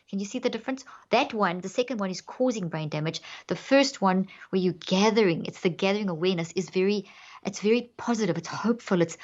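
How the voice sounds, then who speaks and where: A woman's voice: mid-range voice, lively intonation, normal speed. Earnest woman explaining, slightly dull sound. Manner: earnest and explanatory, acts out inner self-talk. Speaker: podcast guest, neuroscientist. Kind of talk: explaining in a podcast interview.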